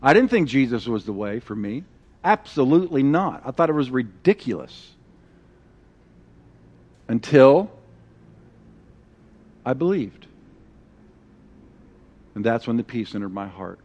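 A middle-aged man preaching a sermon, telling stories with animated, acted-out quotes. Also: medium pitch, measured pace, long pauses, highs cut off. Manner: animated storytelling, acting out quoted voices. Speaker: pastor.

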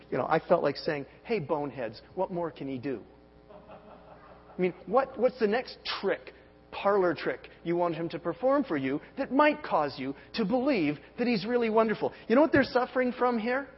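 A man in his forties preaches with fervor, his fairly high voice leaping up and dropping low as he pushes rhetorical questions at the congregation. The recording is muffled, with a long reverb tail from a large hall and a faint hum underneath. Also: sing-song, moderate pace. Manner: emphatic preaching with sharp swings in pitch and volume, rhetorical questions. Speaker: pastor. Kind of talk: sermon.

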